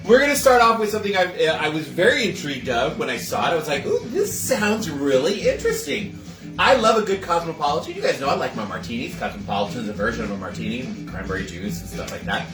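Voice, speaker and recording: Lively chatty man in an echoey kitchen. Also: a little high, fast, few pauses, music in the background. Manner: chatty, laughs often, greets viewers warmly. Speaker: host of a livestream cocktail show. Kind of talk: casual livestream chat with viewers. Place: home kitchen.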